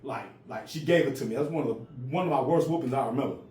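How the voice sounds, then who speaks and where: A man's voice: medium pitch, fast talker, darkish tone. A man in his forties who stutters, telling a personal story in a casual, raw way. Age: 40s. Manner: stutters, repeats words. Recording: roomy with faint ambient noise.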